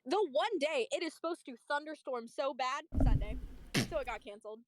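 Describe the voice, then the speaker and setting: A young woman streamer chatting casually, telling a story in an animated, profane way. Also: sits high, brisk, noisy background. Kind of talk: casual chat.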